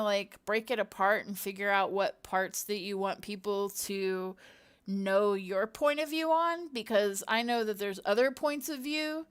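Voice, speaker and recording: Her voice is medium in pitch, clear and resonant: a middle-aged content creator chatting casually to viewers while she works at her computer. She's at home with her cat nearby, rambling and talking to herself with many fillers.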